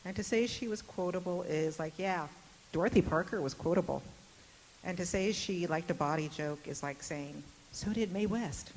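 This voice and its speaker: A woman with a low voice moderates a university panel in a lecture hall. She talks with wit and easy fillers. The recording carries a long hall reverb and a faint hiss. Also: vocal fry. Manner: warm tribute, witty, chatty with fillers. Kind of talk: public talk.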